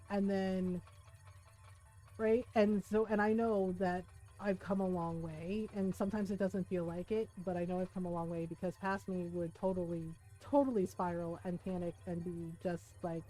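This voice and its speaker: A woman's voice: on the low side, measured pace, faint music behind. A woman streamer telling a personal story in casual chat, full of "right?" and "like", acting out the people she quotes. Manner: animated retelling, acts out quoted people; many fillers like 'right?' and 'like'.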